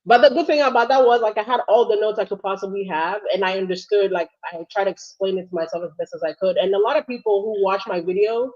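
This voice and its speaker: A woman from Ghana co-hosting a casual livestream chat, a little under the weather, chatty and quick to laugh. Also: mid-range voice, a little mellow. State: sick, struggling. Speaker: co-host. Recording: dull lo-fi sound.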